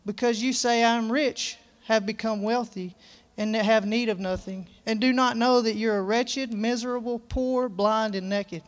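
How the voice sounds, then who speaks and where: A man preaching a sermon in a church service, folksy and earnest, reading scripture aloud with emphasis. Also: sits high.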